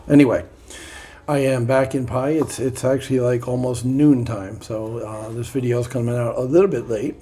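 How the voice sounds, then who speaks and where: A man's voice: mid-range voice, dark tone, slight background noise. A man reading aloud from a self-help book and adding playful, sarcastic comments in a casual vlog.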